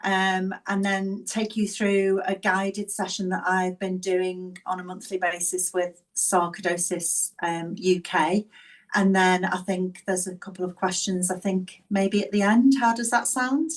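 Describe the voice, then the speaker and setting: A woman's voice: medium pitch, little pitch movement. Chatty Scouse woman, distant mic. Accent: Liverpool (Scouse). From England, Liverpool. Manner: chatty, self-deprecating, quick-talking when keen. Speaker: guest speaker, physiotherapist. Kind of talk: personal talk to a webinar audience.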